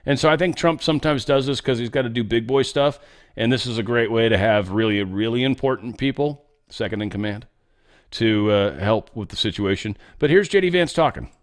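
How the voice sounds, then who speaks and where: A man's voice: medium pitch, brisk. A man hosting a show, giving casual political commentary in a rambling, off-the-cuff way with some swearing. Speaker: show host.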